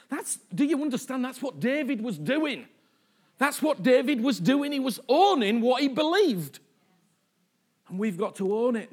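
A man preaching a sermon, emphatic and repetitive, often asking the congregation if they understand him. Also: very high voice.

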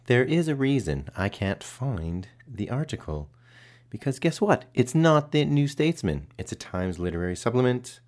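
A man's voice: medium pitch, big pitch swings, moderate pace, a little mellow. A man hosting a podcast while hungover, chatting casually with self-deprecating, mumbled asides. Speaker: podcast host.

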